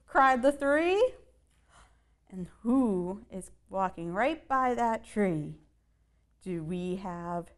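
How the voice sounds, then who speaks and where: A woman reading a rhyming picture book aloud to children. She reads in a sing-song way and stops to ask her listeners questions and add playful asides. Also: lowish voice.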